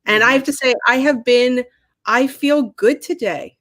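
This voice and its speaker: Woman guest, earnest and heartfelt, dry close sound, a little high. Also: measured pace, fairly bright tone, no room sound. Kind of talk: casual video call chat.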